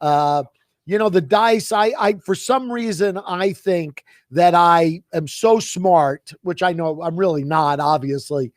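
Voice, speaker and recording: High-pitched guy cohosting sports talk, jokey, dry studio. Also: measured pace, dry recording. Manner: playful, jokey, teasing. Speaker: co-host. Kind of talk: casual sports talk show banter. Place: radio studio.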